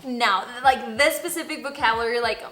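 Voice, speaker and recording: A woman's voice: a little high, brisk, sharp tone. A woman with a Spanish accent, a native Spanish speaker, chatting giggly and casual through a makeup tutorial, swearing freely. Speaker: beauty vlogger. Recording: roomy echo, faint music.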